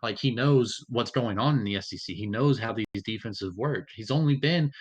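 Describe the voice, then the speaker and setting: A man's voice: mid-range voice, normal speed, husky. A man who is a guest on a casual sports podcast, stammering through restarts as he hedges his opinions.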